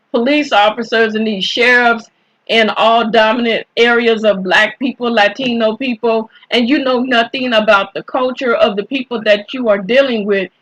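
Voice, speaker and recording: Woman, bright tone, casual storytelling, indignant, conversational. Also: fairly high pitch, rough recording. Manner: indignant, conversational, clears throat often. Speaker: commentator telling a personal story.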